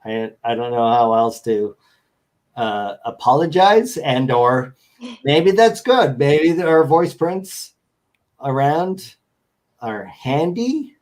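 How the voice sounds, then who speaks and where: A man's voice: medium pitch, lively intonation, slow, a little mellow. A man chatting as a guest on a show, rambling and joking as he tells stories over a video call. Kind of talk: casual chat.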